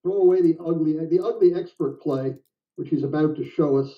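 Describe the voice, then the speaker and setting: An older man giving live game commentary in a chatty, jokey way, quick to laugh. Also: a little high. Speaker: backgammon commentator. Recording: dull, distant sound.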